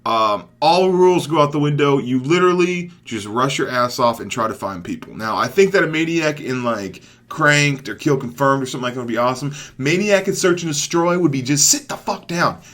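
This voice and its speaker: A young man giving casual commentary over his own gameplay, excitable, dropping from mumbled asides to loud hype shouts. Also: mid-range voice, a little fast, hardly any pauses. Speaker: gaming commentator.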